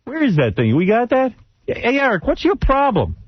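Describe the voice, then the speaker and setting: A man's voice: very high-pitched, wildly swooping pitch, moderate pace, no room sound, dull audio. A man hosting a radio talk show, brash and teasing as he needles a caller. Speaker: radio host.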